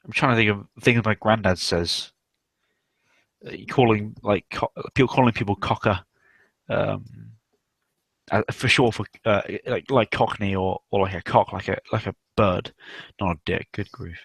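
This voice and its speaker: A low-pitched man with a gravelly edge hosts a loose online chat. He rambles from thought to thought, laughs easily and swears without care. His voice sits close and dry. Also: moderate pace, fairly bright tone, no room sound. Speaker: hangout host. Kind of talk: casual chat.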